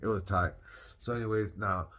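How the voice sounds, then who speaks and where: A young man casually telling a personal story, animated and slangy, repeating phrases for emphasis. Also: on the low side, normal speed. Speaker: vlogger.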